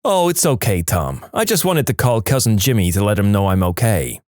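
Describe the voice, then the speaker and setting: A man's voice: fairly low pitch, very animated, a little fast, darkish tone, no room sound, studio quality, pitched below the performer's own voice. A man voicing a folksy, cheerful man on a phone call, old-fashioned and polite in his manner.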